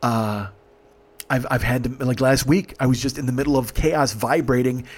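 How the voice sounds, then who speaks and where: A man's voice: medium pitch, fairly even intonation, moderate pace, husky. A middle-aged man hosting a podcast, telling a story emphatically with heavy swearing. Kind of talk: profane storytelling monologue.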